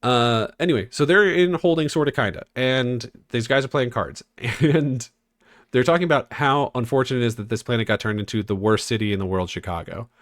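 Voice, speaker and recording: A man's voice: medium pitch, brisk, a bit bright, dry recording, clean studio sound. A man co-hosting a casual rewatch podcast, rambling and swearing as he recaps with sarcastic asides. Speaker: podcast co-host.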